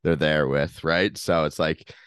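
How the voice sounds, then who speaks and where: A man co-hosting a casual podcast, chiming in with relaxed, short comments. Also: a bass voice, unhurried, smooth, no echo. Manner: laid-back, brief agreeing interjections. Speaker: podcast co-host. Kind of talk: casual chat.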